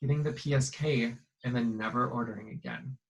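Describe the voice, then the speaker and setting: A man, a guest, telling a story in a casual chat in a relaxed way. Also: mid-range voice, fairly quick, gravelly, rough recording.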